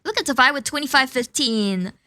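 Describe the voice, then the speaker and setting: A woman hosting an esports watch party, switching between loud cheering and quick match analysis. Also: high-pitched. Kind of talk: excited esports co-watching chat.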